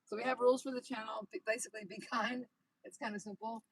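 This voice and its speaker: A woman's voice: a little high, flat delivery, fast, husky, no room sound, rough recording. A woman host chatting casually on a phone livestream outdoors by a horse paddock, upbeat and reading out viewer comments. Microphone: phone held in hand.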